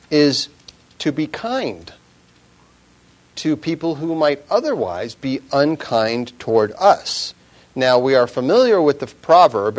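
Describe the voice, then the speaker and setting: A man preaching in an unhurried, conversational manner, pausing on his words and quoting scripture. His voice sits at an ordinary middle pitch. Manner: slow, measured, conversational, drops to a whisper at times. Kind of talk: informal sermon.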